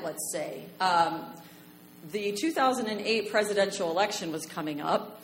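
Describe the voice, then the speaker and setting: A young American woman telling a personal story live on stage in a bar, chatty and animated, with many fillers. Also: mid-range voice, slight background noise. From United States. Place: bar stage before an audience. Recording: echoey live room.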